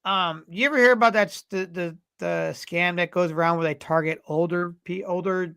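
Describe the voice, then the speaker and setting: Gravelly high-voiced man telling stories. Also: fairly even intonation, normal speed, bright, forceful tone, no room sound. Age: 40s. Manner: rambling storyteller, swears freely. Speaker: podcast co-host. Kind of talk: casual chat.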